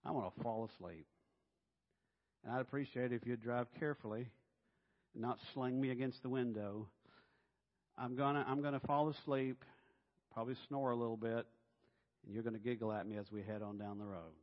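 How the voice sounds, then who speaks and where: A man preaching a sermon in a church, animated and playful, dropping to a hush and then rising loud. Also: mid-range voice, brisk, pauses often. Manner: animated and playful, swinging between hushed and loud. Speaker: pastor. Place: church sanctuary. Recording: reverberant hall, dull sound.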